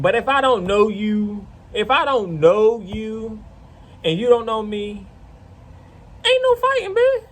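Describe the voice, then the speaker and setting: A man casually telling a rambling, profane story to camera. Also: sits high. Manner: rambling, profane, animated retelling.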